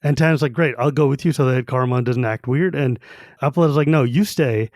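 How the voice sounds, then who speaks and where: A man co-hosting a podcast, recapping a book in casual chat and acting out the characters in quick quoted bits. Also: mid-range voice, darkish tone, dry recording. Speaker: podcast co-host.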